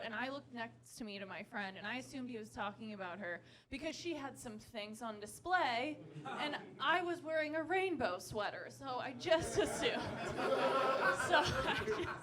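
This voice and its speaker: High-voiced woman doing stand-up. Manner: self-deprecating, animated, laughing between lines. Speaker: stand-up comedian. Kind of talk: stand-up set. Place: comedy club stage with audience. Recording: club recording with crowd laughter. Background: audience laughter.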